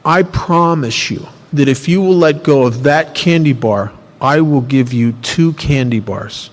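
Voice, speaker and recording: A man doing a gentle, coaxing paramedic. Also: mid-range voice, measured pace, lightly acted. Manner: soft, coaxing. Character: patient, gentle male paramedic. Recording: reverberant hall.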